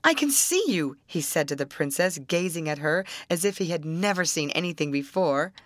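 A woman narrating a fairy tale aloud, expressive and acting out the characters. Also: deep voice, a little fast, no echo, studio quality.

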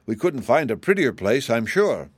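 A man's voice: medium pitch, sing-song, normal speed, husky, no echo. A man voicing a fussy little bald old wizard in a storybook reading, raised and fretful.

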